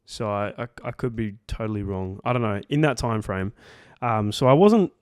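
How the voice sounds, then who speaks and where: A man's voice: lowish voice, lively intonation, normal speed, clear, resonant tone, no echo, clean studio sound. A young Australian man co-hosting a podcast, telling a story in a rambling, casual way, swearing freely and filling gaps with "like" and "um". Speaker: podcast co-host.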